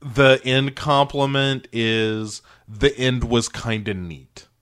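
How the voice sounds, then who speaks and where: An American man talks movies in a loose, rambling way, wry and quick to laugh. His voice sits at an ordinary middle pitch, relaxed and conversational. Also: smooth. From United States. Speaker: podcast co-host. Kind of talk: casual chat about movies.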